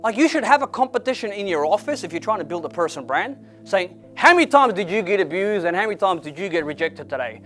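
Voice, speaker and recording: Brief: high-pitched male speaker, English, blunt and animated, faint music underneath. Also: fast, few pauses. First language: not English. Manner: animated, swings loud and excited to low and quiet; blunt with occasional swearing. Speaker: motivational speaker. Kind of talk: motivational storytelling talk.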